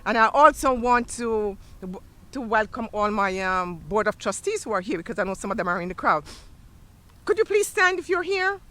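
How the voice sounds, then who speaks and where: A woman superintendent speaks at an outdoor stadium ceremony, her voice bright and her pitch swinging widely. She rouses the crowd and leads them in cheers. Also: lively intonation, moderate pace. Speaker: school superintendent. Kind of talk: ceremony speech.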